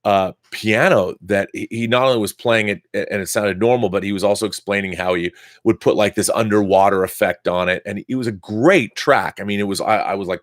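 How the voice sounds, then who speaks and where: A man's voice: lowish voice, fairly quick, no room sound, clean studio sound. A man hosting a live stream, telling a story in an enthusiastic, rambling way. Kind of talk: casual live-stream monologue.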